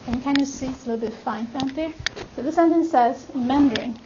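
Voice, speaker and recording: This Chinese woman speaks with a Chinese accent, a high pitch, and a quick pace while lecturing a class as a language instructor. She explains things patiently and keeps asking "right?" to make sure students follow. The classroom recording is muffled, with noise in the background.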